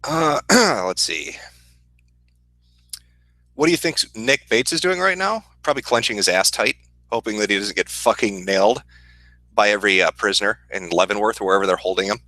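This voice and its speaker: A man with a Midwestern accent, hosting a casual livestream and answering chat questions in a profane, deadpan, sardonic way. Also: fairly low pitch, fast, no room sound, poor audio. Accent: Midwestern American.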